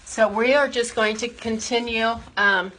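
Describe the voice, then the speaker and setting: A woman's voice: fairly high pitch, measured pace, bright, forceful tone, rough recording. A woman chatting casually as she shows furniture refinishing step by step, explaining while she works in a workshop. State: out of breath from buffing. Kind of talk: casual how-to demonstration.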